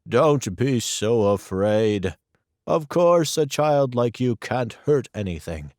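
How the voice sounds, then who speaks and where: A man voicing a sad, stooped, gray-haired gentleman who speaks kindly but wearily in a storybook reading. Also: medium pitch, lively intonation, takes it slowly, no room sound, studio quality.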